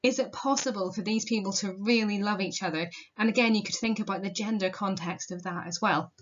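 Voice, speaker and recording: Woman, literature teacher, explanatory, rhetorical questions, mid pitch, lo-fi recording. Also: fairly quick. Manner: explanatory, asks rhetorical questions, casual fillers. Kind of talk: recorded poetry lesson.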